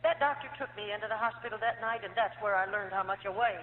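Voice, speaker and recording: A woman's voice: medium pitch, steady tone, fast talker, few pauses. A woman from the United States telling her life story as a dramatic, emotional testimony in a church hall. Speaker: testimony speaker. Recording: tinny old recording in an echoey hall.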